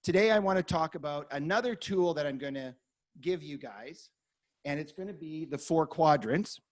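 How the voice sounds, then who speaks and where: A man coaching a workshop, energetic and acting out client conversations as examples. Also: a little high, moderate pace. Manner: energetic, acts out dialogue examples.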